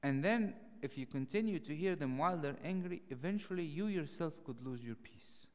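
A clergyman teaching a Bible study sermon, acting out the dialogue with a raised, animated voice. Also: a little high, moderate pace. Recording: long hall reverb.

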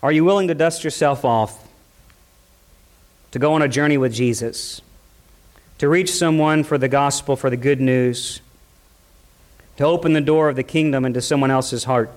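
A man's voice: medium pitch, normal speed, pauses often. A man preaching a sermon at a church service, passionate and full of rhetorical questions. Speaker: pastor.

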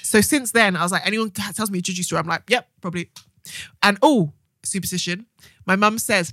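A young woman, co-hosting a podcast and telling stories with animated acted-out quotes. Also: mid-range voice, a little fast, dry recording, studio quality. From England. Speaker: podcast co-host. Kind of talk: casual chat.

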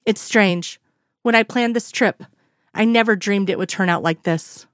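A woman reading the lines of a middle-aged male federal agent in a dry, gently teasing way. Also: medium pitch, a little slow, no room sound, close to an everyday voice. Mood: tender.

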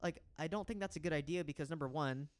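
A man's voice: a little high, fast talker, clean tone, no room sound. A young man in casual chat, telling a long story with lots of swearing, restarts and acted-out quotes. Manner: swears freely, rambling with restarts, acts out quotes.

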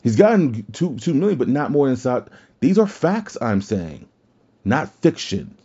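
A man's voice: medium pitch, very animated, unhurried, warm tone, husky. A man hosting a podcast, ranting casually and bluntly, swearing freely. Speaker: podcast host. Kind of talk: casual rant on wrestling. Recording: dull lo-fi audio.

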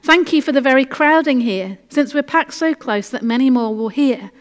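A calm, devout young woman prisoner in a read-aloud story, as a woman reads her lines. She speaks serenely and matter-of-factly in a slightly high voice. An echoey hall rings around her. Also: normal speed.

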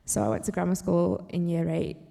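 A candid woman with a light Mancunian accent talks in a casual group discussion and swears without fuss. Her voice carries a gravelly texture, and the sound rings with long hall reverb. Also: lowish voice, expressive, fairly quick, mellow, a little hiss or hum. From Manchester, England. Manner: candid, swearing, laughing asides. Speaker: panel guest.

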